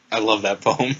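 A man hosting a casual podcast, reading out listener entries in a deadpan way and laughing often. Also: fairly low pitch, slightly rough. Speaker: podcast host. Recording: dull lo-fi sound.

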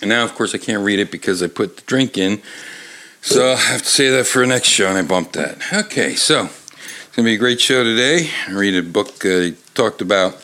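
A man's voice: fairly low pitch, lively intonation, normal speed, sharp tone. A middle-aged man hosting his own show, talking into a desk microphone in a loose, rambling monologue that keeps breaking off and restarting, with casual swearing. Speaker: show host.

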